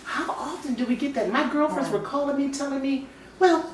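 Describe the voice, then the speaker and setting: A woman's voice: high-pitched, a little fast, a little hiss or hum. A woman telling a personal story in a casual podcast chat, acting out quoted voices as she goes. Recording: echoey room, mic at a distance.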